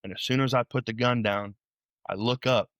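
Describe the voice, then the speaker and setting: A young man from Illinois, guest on a podcast, retelling a frightening night in an animated, rambling way with many restarts. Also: mid-range voice, normal speed, dry recording, highs cut off. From Illinois, USA. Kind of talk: storytelling interview.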